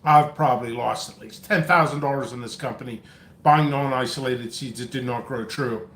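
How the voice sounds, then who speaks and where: A man's voice: mid-range voice, normal speed, a bit bright, roomy sound. A man hosting a casual live chat, rambling and chatty on coffee, a little out of breath. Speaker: pepper seed seller and channel host. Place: indoor home workspace.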